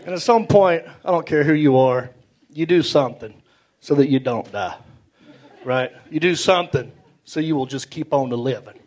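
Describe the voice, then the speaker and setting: A man telling a stand-up story on stage, his voice sitting high and swinging up and down as he acts out the scenes. Faint crowd laughter comes through behind him in the club. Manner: animated, acts out characters with big pitch jumps. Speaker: stand-up comedian. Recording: live comedy club with crowd. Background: audience laughter.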